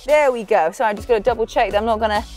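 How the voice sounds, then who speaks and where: English woman coaching a workout, high bright voice, chatty and upbeat, faint music behind. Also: very fast. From England. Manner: upbeat, laughing often, counting down reps. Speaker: fitness instructor. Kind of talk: leading a workout, chatty cues.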